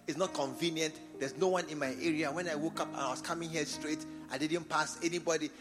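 Man with Ghanaian accent, preaching, repeats phrases, shifts quiet to loud, high voice, faint music behind. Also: fairly even intonation, fast. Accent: Ghanaian English. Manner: call-and-response, repeats phrases, swings from quiet to shouting. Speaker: bishop preaching. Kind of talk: sermon. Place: church service.

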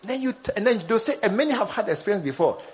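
A preacher with a bright, high voice that leaps up and down as he acts out scenes for his congregation. His sermon rings through a hall with a long reverb tail. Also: big pitch swings, quick pace. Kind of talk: lively sermon.

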